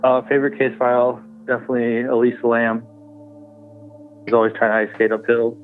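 A man's voice: mid-range voice, monotone, a little fast. Earnest male caller, uh-filled speech, phone-line sound. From Illinois. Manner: earnest and grateful, filler-heavy. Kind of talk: casual call-in chat.

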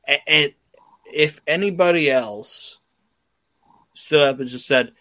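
A man's voice: on the high side, slow pace, no room sound. A man hosting a podcast, telling stories in casual chat with lots of swearing and acted-out quotes. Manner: excited, profane storytelling with acted-out quotes. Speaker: podcast host.

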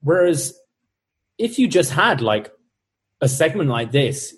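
A man co-hosting a podcast, talking casually and a bit haltingly about wrestling. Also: on the high side, big pitch swings, slightly rough. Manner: thoughtful, hesitant, with fillers and restarts. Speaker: podcast co-host.

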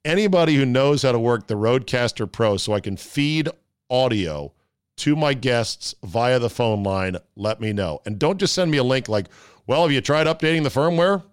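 A man's voice: mid-range voice, animated, moderate pace, smooth, no room sound. A man hosts a casual sports talk show in a medium, everyday voice. He rambles and pokes fun at himself. The sound is close and dry, with no room in it. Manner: rambling, self-deprecating, chatty.

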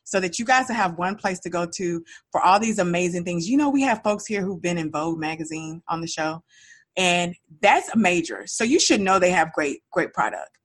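A woman's voice: fairly low pitch, moderate pace, no echo. A woman hosting her own podcast, talking casually and with energy straight to her listeners. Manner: chatty, animated, speaks directly to listeners. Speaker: podcast host. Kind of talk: casual solo podcast talk.

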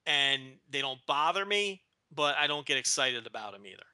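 A man's voice: medium pitch, very animated, normal speed, sharp tone, clear, resonant tone, dry recording. A man from Texas co-hosting a wrestling podcast, joking and teasing in casual rambling chat. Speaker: podcast co-host.

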